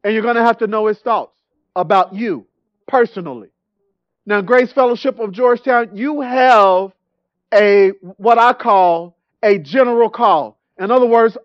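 A man preaching a sermon in a church, telling his own story in an animated, storytelling way and often repeating words. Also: very high-pitched, dry recording, dull audio. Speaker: guest preacher. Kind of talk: sermon with personal testimony.

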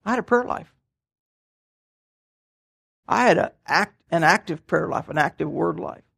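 Older man, gravelly voice, folksy animated sermon. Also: on the high side, a little slow. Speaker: pastor.

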